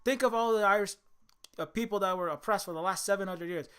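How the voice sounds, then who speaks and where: Man voices a fiery militant on a defiant rant, bright and sharp tone. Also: sits high, fast talker, smooth. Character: fiery male militant insisting on war.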